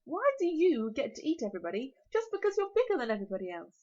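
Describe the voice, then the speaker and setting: A woman's voice: high voice, wildly swooping pitch, quick pace, a little mellow, exaggerated voice. A woman with a British accent voicing a small, anxious, earnest boy who sounds pleading and indignant, in a storybook reading. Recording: lo-fi recording.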